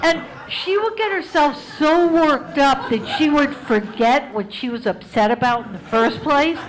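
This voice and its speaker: A woman comedian from the United States telling a stand-up story in a wry, animated way, wandering into tangents. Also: high-pitched, measured pace, few pauses.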